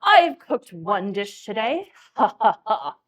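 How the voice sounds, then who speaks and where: A woman's voice: mid-range voice, very animated, slow pace. A woman improvising a vain, boastful countess at a live tabletop game, bragging and cackling at her own claims. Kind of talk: live improvised character play.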